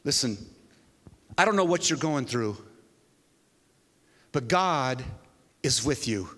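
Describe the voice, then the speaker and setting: A man preaching a sermon to a church, telling a story with an animated delivery that swings from hushed to loud. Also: mid-range voice, slow pace. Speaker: pastor. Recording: long hall reverb.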